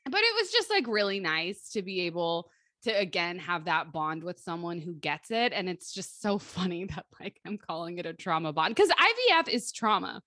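A woman in her thirties, co-hosting a casual podcast chat and telling stories with lively, animated delivery. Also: fairly low pitch, moderate pace, no room sound, clean studio sound. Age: 30s. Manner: lively, animated storytelling with quoted voices and laughs. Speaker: podcast co-host and life coach.

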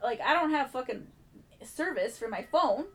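A woman with a fairly high voice tells a story in relaxed podcast chat. She acts out every exchange and swears freely as she goes. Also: moderate pace, crowd noise. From United States. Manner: animated, profane, acts out dialogue.

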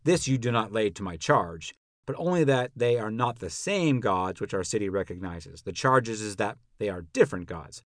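Guy reading as old philosopher on trial, sharp rhetorical questions, dry close sound. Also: lowish voice, animated, moderate pace, dry recording. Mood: probing, indignant. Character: elderly male philosopher on trial, probing and ironic. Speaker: podcast narrator. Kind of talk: dramatic reading of a classical dialogue.

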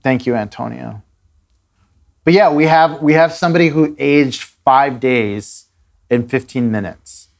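A man hosting a podcast, casually retelling a strange story with dramatic pauses and a few fillers. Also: mid-range voice, gravelly. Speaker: podcast host.

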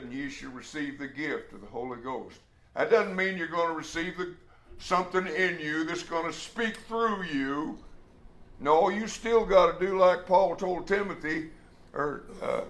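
Male preacher, emphatic delivery, gravelly, slightly high voice, echoey room. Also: fairly bright tone. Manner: emphatic, acts out quoted speech, occasional restarts. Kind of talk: sermon.

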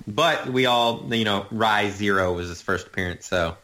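A man co-hosting a casual chat, relaxed and anecdotal. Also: on the low side, unhurried.

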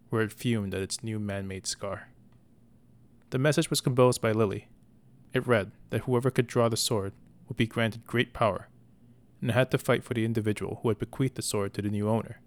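Gravelly man reading a story slowly. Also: lowish voice. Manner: slow, deliberate reading. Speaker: podcast storyteller. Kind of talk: scripted narration.

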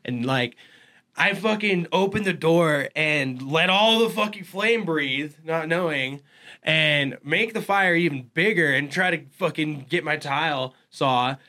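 Brash, bright-voiced storyteller man. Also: fairly high pitch. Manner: profane, animated, fast-talking storyteller. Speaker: podcast guest. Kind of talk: casual storytelling.

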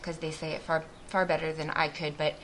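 A woman's voice: low voice, flat delivery, fairly quick, fairly bright tone, a little hiss or hum. A woman speaking to a group as a missionary, giving an earnest, reflective faith testimony with many restarts.

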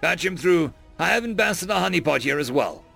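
A man's voice: high-pitched, expressive, brisk, creaky, a bit bright, slightly rough, faint music behind, voice pushed up, full character voice. A man voicing an earnest, polite male ambassador and war veteran.

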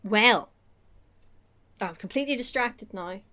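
A woman's voice: medium pitch, a little slow, bright, forceful tone. A woman from England chatting casually as a podcast co-host, rambling and giggly as she recaps a story. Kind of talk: casual chat.

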